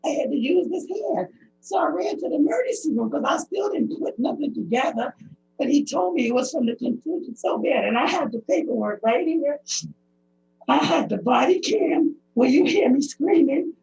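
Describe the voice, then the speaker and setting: A middle-aged woman from the United States gives emotional, pleading testimony at a public hearing. Her high voice has a gravelly edge, and her speech halts as she goes on. The recording sounds dull and lo-fi. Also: lively intonation, moderate pace, darkish tone. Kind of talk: personal testimony.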